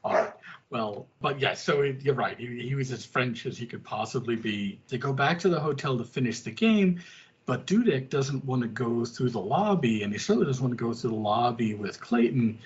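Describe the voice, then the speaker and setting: A man co-hosting a casual podcast, retelling scenes in an animated way and dipping into quick voices for the people he describes. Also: medium pitch, breathy edge, muffled recording. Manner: animated storyteller, quick asides in character voices. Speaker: podcast co-host. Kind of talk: casual chat.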